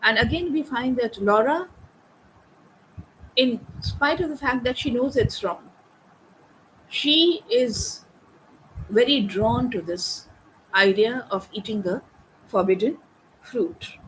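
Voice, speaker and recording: A woman's voice: a little high, animated, slow pace, pauses often, a bit bright, a little hiss or hum, low-quality recording. A woman lecturing on a poem, thoughtful and hesitant with fillers, reading quoted verse aloud. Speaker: literature lecturer. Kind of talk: academic lecture.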